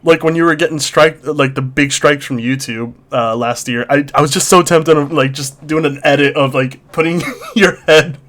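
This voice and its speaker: A man chatting casually as co-host, laughing constantly and stumbling over his words in excitement. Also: on the high side, moderate pace. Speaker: podcast co-host. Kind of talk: casual chat.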